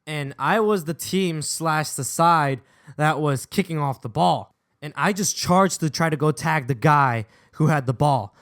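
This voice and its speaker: A young man tells a personal story over gameplay, animated and slangy, acting out bits as he goes. His voice sits a little high for a man. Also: clear, resonant tone. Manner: animated, slangy, acts out quotes. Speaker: gaming channel host.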